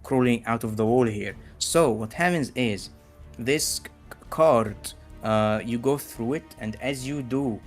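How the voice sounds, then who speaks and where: A man narrating as game master of a tabletop game, relaxed and full of fillers. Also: mid-range voice, unhurried, soft background music.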